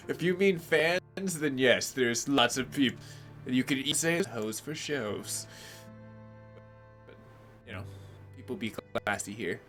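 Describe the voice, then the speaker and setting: A man's voice: mid-range voice, expressive, takes it slowly, long pauses, a bit bright, soft background music. A man streaming a video game live, chatting casually and greeting viewers by name in laid-back slang.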